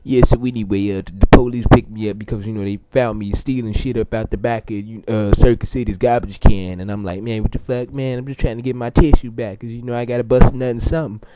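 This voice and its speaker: Fast and nearly pause-free, a young man's mid-range, steady, everyday-sounding voice rambles through an improvised comedy monologue as a crude, boastful, foul-mouthed character. He stumbles, curses, and fills gaps with many fillers. Heavy background noise sits over a muffled lo-fi amateur recording.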